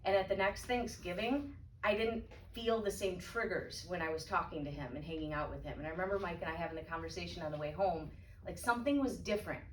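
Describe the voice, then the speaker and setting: A woman's voice: fairly low pitch, fast, a little hiss or hum. A woman in her thirties speaking as a guest at an evening event, telling a candid personal story with frequent restarts. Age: 30s. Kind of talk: personal testimony talk. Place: event room. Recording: echoey room, voice from far off, faint ambience.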